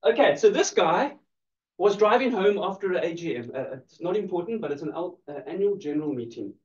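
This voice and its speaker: A man's voice: high voice, animated, a little fast. A man giving a playful, teasing law lecture to a class, laughing often. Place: lecture room. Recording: distant echoey lo-fi room recording.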